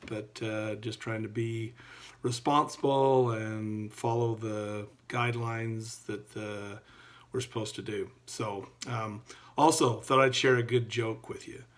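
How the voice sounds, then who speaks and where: A middle-aged male entrepreneurship teacher giving a recorded class update in a relaxed, folksy way with many fillers. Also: mid-range voice.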